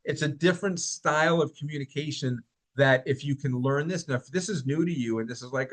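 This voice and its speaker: A man's voice: mid-range voice, a little fast. A man presenting a workplace training workshop in a conversational way, often asking his listeners questions. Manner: conversational, asks the audience questions. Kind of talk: recorded training talk.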